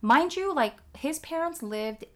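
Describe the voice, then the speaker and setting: A woman's voice: high-pitched, lively intonation, a little slow, a bit bright. A woman in casual chat, telling a personal story candidly and with lots of swearing and "like" fillers. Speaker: guest telling her story.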